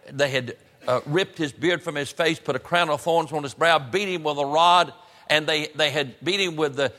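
A man preaching a sermon in a church, in an emphatic, rising cadence with drawn-out phrases. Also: a little high, pushed and bright. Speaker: pastor. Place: church sanctuary. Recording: church hall reverb.

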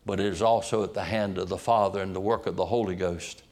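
A man's voice: deep voice, fairly even intonation, fast talker, darkish tone. A man preaching a sermon as a pastor, reciting long passages of scripture and building to impassioned peaks.

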